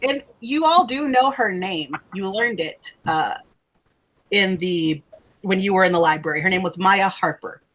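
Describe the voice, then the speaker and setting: A woman's voice: medium pitch, expressive, a little slow, fairly bright tone. Laughing, casual woman game master. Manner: casual, laughing and swearing freely. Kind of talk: narrating a tabletop game.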